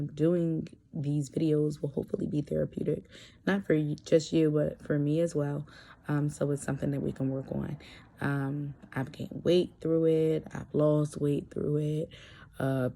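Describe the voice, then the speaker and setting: A woman's voice: deep voice, creaky, warm tone. A young adult woman talking candidly in a personal vlog, hesitant, with many fillers and restarts. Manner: candid and earnest. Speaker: vlogger.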